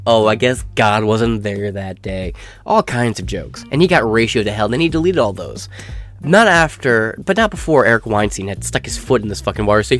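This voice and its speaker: A man's voice: fairly low pitch, lively intonation, normal speed, faint music behind. A man ranting through a commentary with crude, profane, sneering talk.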